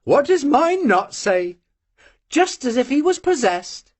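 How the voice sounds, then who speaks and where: A bubbly young cossack girl, put on by an audiobook reader, her voice pitched up and leaping about as she gushes and pokes at her friend with eager questions. it is read slowly, with a slightly husky edge. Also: very animated, exaggerated voice. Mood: teasing. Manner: eager, gushing, teasing questions. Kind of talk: audiobook character voice.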